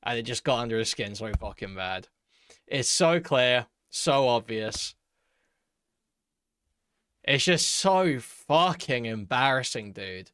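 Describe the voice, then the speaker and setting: A man's voice: mid-range voice, expressive, slow, long pauses, fairly bright tone, clean tone, no echo, clean studio sound. A man hosting casual reaction commentary, mocking and incredulous with heavy swearing. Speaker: commentary host.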